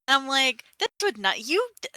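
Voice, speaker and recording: A podcast co-host in casual chat, joking and teasing her partner. Her voice is bright and lively, swinging up and down, and it sounds dry and close. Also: high voice, moderate pace, no echo.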